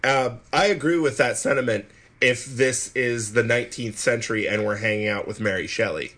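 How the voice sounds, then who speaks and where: A man's voice: medium pitch, normal speed, a bit bright. A man hosting a podcast in casual chat, rambling and self-mocking, often stumbling and restarting. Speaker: podcast host.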